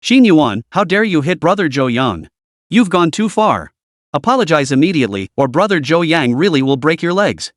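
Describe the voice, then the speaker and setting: A spoiled young woman snaps shrill, haughty commands in an animated, lively voice, as a male narrator puts her on. The reading is dry and close, with no room sound around it. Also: normal speed, dry recording. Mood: haughty, indignant.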